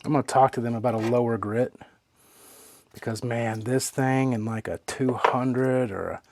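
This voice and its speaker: A man hosting a knife sharpening channel, talking casually to his viewers in a relaxed, chatty way while he works. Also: medium pitch, normal speed, noisy background. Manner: relaxed and chatty, with fillers and trailing asides. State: hiccups. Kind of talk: casual demo talk to camera.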